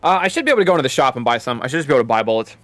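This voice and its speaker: A man's voice: medium pitch, big pitch swings, rapid-fire, a bit bright, dry recording. A man streaming a game, casually thinking aloud and muttering to himself as he plays.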